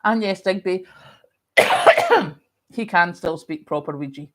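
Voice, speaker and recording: A middle-aged woman with a Scottish accent chats through a livestream, answering viewers in a lively, storytelling manner. Her voice sits a little low for a woman. She has a lingering cough. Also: slow pace. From Scotland. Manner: chatty, animated storytelling. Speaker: livestream host. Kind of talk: casual chat reading viewer comments.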